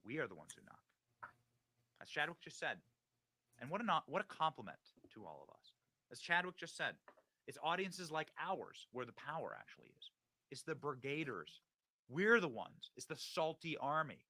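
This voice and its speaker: Bright, hyped male stream host. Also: a little high, sing-song, moderate pace. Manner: hyped, preachy, swings from loud to hushed. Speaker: show host. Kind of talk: casual livestream talk.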